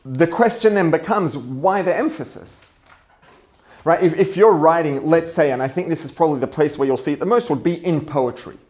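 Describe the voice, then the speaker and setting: A man with a fairly high voice teaches a religious lesson as a rabbi. He works through the text aloud, circling back to rephrase his points. He keeps asking rhetorical questions. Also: normal speed, darkish tone. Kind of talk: explaining a text to an audience.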